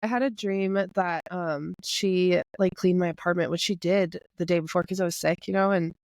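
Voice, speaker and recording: A woman's voice: lowish voice, normal speed, no echo, clean studio sound. A young woman in her twenties, a makeup creator, telling rambling stories in casual chat with lots of "like". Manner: animated storyteller, rambling with lots of "like".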